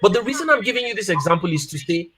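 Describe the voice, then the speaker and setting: Animated man who repeats his points. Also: high voice, rapid-fire, slight background noise. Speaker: guest speaker on family life. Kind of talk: casual advice talk with personal stories.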